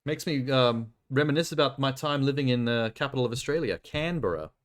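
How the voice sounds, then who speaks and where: A man's voice: mid-range voice, brisk. Crude joking young male streamer. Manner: joking, crude, rambling commentary. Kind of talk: casual live-stream chat.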